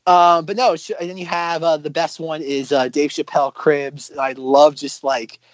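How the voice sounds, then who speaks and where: Rambling, slightly high-voiced male co-host. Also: normal speed, no echo, dull audio. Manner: rambling, many fillers and restarts, excited retelling. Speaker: podcast co-host. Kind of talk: casual chat about sketch comedy.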